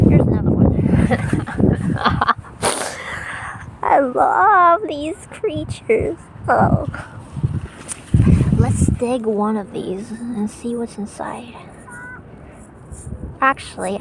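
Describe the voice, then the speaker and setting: Gushing female vlogger, slow-spoken with a higher voice, recorded outdoors with heavy wind roar. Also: vocal fry. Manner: excitable, gushing exclamations. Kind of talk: casual vlog commentary. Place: outdoors on a cold, windy beach. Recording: loud wind noise outdoors.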